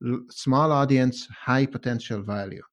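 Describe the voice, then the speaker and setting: A man's voice: medium pitch, a little slow. Man with a hard-to-place mixed accent. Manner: conversational, says "right?" often. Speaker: guest. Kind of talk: casual podcast chat. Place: home office.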